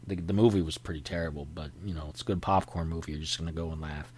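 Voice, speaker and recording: A man's voice: very deep voice, steady tone, quick pace, few pauses, a little mellow, slight background noise. A man hosting a podcast, rambling chattily about things he remembers and often interrupting himself. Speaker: podcast host. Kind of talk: casual rambling monologue. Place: indoors at home.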